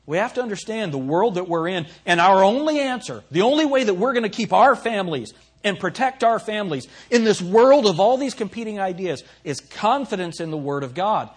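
A man preaching a sermon with earnest emphasis. He reads scripture emphatically and drops low for asides. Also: animated, a little fast, slightly rough. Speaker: pastor.

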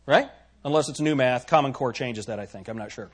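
A man's voice: mid-range voice, brisk, breathy edge. A man preaching a sermon to his congregation, asking rhetorical questions and stressing his points. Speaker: pastor.

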